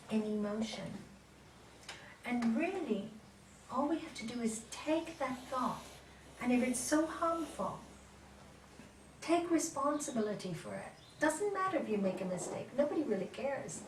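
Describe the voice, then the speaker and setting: A middle-aged woman giving an animated spiritual talk to an audience as a yoga teacher, asking questions and laughing often. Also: on the high side, slight background noise. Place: lecture hall. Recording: roomy hall from far off.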